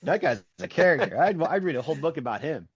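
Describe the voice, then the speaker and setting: A man's voice: on the high side, sing-song, fast, slightly rough. A man co-hosting a casual comic book review podcast, laughing often as he retells the story. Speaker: podcast co-host. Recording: dull, lo-fi, dry sound.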